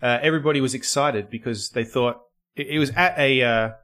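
A man in his thirties chatting on a podcast with friends. He swears freely, laughs often, and his voice sits at an ordinary middle pitch. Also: brisk, pushed and bright. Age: 30s. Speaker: podcast co-host. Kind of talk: casual chat.

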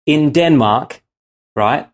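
A man's voice: on the high side, slow pace. Playful laughing man on a podcast. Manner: playful, laughs a lot, tells stories eagerly. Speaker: podcast co-host and quiz contestant. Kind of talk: casual podcast chat.

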